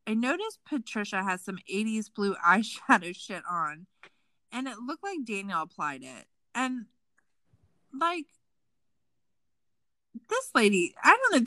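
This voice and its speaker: This podcast host has a mid-range voice and keeps things lively, sarcastic and full of curses while discussing true crime casually. There's no room sound, but the audio quality is poor.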